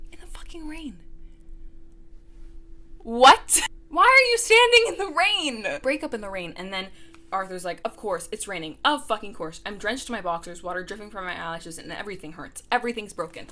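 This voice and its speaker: A woman's voice: on the high side, pushed and bright. A young woman ranting in a book review vlog, sarcastic and exasperated, full of "like".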